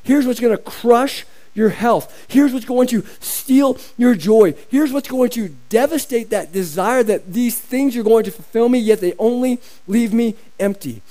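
High-voiced, mellow man preaching. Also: a little slow, few pauses, poor audio. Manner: emphatic, repeats phrases for stress. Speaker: pastor. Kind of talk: sermon.

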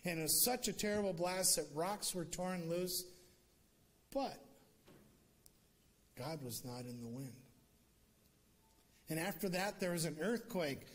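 A man preaching a sermon, telling a story with lively emphasis that rises to emphatic peaks. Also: high voice, measured pace, pauses often. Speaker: pastor.

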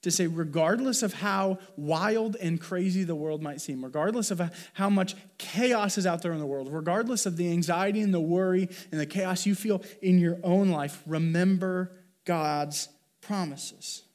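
A man's voice: sits high, moderate pace, a little mellow. A man preaching a sermon as pastor, talking in an earnest, conversational way with fillers and restarts.

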